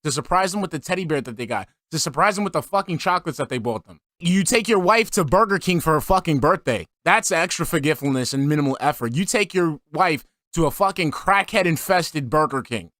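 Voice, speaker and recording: High-voiced man ranting with profanity. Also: animated, fairly quick, few pauses, fairly bright tone, no echo, studio quality. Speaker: streamer reacting to clips. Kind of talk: ranting reaction commentary.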